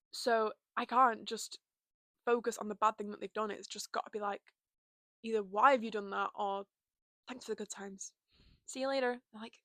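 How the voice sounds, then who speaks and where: A woman's voice: a little high, a bit bright, no room sound. A young woman chatting casually and openly to camera from her bedroom, full of "like" and "you know". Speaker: vlogger. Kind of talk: casual confessional chat.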